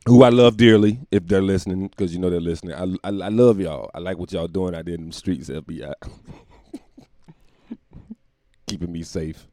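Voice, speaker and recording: A low, gravelly male voice that swings widely in pitch as he rambles through a profane, self-mocking comedy monologue. He laughs at his own jokes often. The recording is dry and close. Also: lively intonation, normal speed, long pauses, warm tone, no room sound. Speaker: podcast host.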